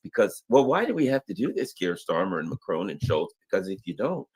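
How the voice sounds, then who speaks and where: Low-voiced male co-host, gravelly and indignant. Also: sing-song, a little fast, darkish tone. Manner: indignant, sarcastic, emphatic. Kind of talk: heated political discussion.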